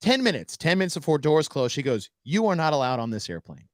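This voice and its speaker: Podcast co-host, male, animated storyteller who voices the people in his story, dry close mic. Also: fairly high pitch, fast talker, no room sound. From United States. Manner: animated storyteller acting out dialogue. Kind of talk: casual storytelling chat.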